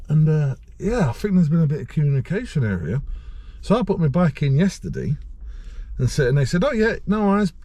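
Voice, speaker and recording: A man's voice: fairly high pitch, very animated, a little fast, warm tone, breathy edge, dry recording. A man with a Cockney accent, chatting casually in a rambling, grumbling way while vlogging about cycling. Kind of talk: casual vlog chat.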